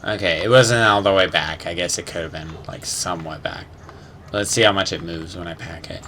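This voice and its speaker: A man's voice: deep voice, fairly quick, sharp tone, slight background noise. A young man chatting casually over his gameplay, rambling and unsure, swearing now and then and humming little sound effects. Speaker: gamer.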